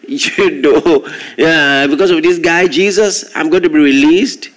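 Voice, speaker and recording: Animated man preaching. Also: on the high side, a little slow. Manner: animated storytelling, acting out crowd shouts. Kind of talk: sermon.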